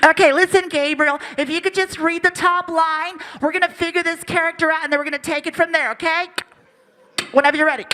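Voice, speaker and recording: A man voicing a brisk, upbeat female cartoon director who coaxes an actor in a businesslike way. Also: very high voice, bright, forceful tone, exaggerated voice. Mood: coaxing. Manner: chirpy, businesslike coaxing.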